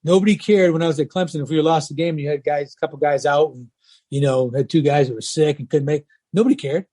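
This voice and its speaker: The voice of this older man, a former baseball coach, is a little high, fast and husky, with no echo on the recording. During an interview he tells stories animatedly, acting out whoever he quotes.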